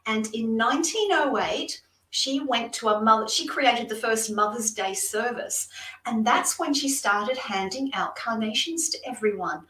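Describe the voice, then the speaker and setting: Unhurried and on the high side, with a fairly bright tone, this Australian psychic guest reads cards live and chats warmly and effusively to her audience. The mic is distant and the room sounds roomy.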